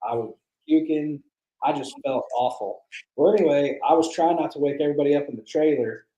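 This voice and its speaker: A man's voice: a little high, brisk, dark tone, lo-fi sound. Pitmaster guest, male, casual storyteller, crude and rambling, echoey room sound. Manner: rambling, profane, laughs through stories.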